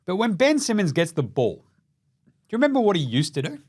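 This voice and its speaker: A man's voice: sits high, wildly swooping pitch, fairly quick, a little mellow, husky. A young Australian man hosting a casual, sweary basketball recap, joking and putting on mock voices of players. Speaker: basketball podcast host.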